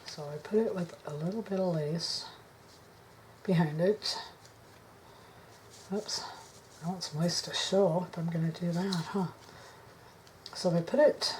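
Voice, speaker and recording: A woman's voice: fairly low pitch, steady tone, unhurried, long pauses, a little hiss or hum. Woman musing aloud while crafting. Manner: musing to herself, indecisive, soft mutters. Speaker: craft vlogger. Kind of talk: casual crafting chat to camera. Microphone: camera on tripod.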